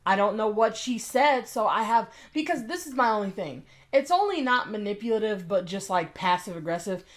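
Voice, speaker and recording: A woman's voice: medium pitch, expressive, normal speed. A woman giving a blunt, indignant ranting commentary, hammering her points with repetition. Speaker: commentary YouTuber.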